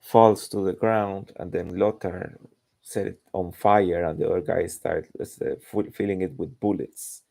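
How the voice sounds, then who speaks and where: A man's voice: low voice, steady tone, unhurried, creaky, dark tone. A man chatting casually while drawing, rambling and searching for words. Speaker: artist narrating his drawing.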